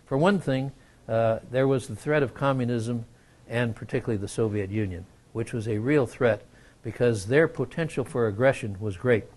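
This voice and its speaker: Older male lecturer, unhurried storyteller, mid pitch, lots of uh pauses. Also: a little mellow. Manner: measured, frequent uh fillers, storytelling. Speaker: guest lecturer. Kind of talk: lecture with anecdote.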